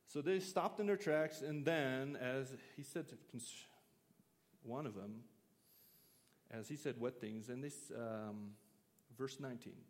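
A man's voice: mid-range voice, a little slow, pauses often, long reverb tail. A man preaching an interactive sermon, talking casually and asking his listeners questions. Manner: conversational, asks the audience questions.

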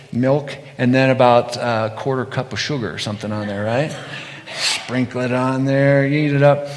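A middle-aged man giving a conversational sermon, telling animated stories and acting out quotes. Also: medium pitch. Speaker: pastor. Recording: long hall reverb.

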